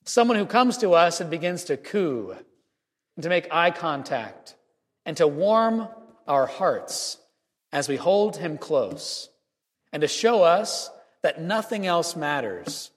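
Man preaching a homily, higher voice, earnest storytelling, long church reverb. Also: very animated. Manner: earnest storytelling, measured pauses. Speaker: priest. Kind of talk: Christmas homily.

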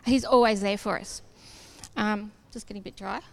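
A woman's voice: mid-range voice, moderate pace, creaky. A woman giving a sermon testimony, a casual, self-deprecating storyteller who acts out the dialogue. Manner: lively storyteller acting out dialogue. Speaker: church speaker.

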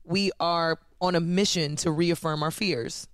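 A woman's voice: fairly low pitch, fairly even intonation, measured pace. A woman guest in casual podcast chat, speaking frankly and reflectively with a powerful, soothing voice.

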